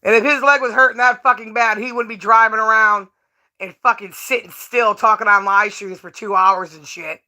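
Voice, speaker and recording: A woman's voice: a little high, fairly even intonation, normal speed, sharp tone. A woman streamer who rants with profane, scornful commentary. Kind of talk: ranting live stream commentary.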